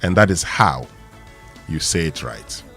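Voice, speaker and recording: A man's voice: a bass voice, expressive, a little slow, pushed and bright, faint music behind. A man with a Ghanaian accent hosting a morning radio show and reviewing the papers, easygoing and full of fillers. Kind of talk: radio talk and newspaper review. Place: radio studio.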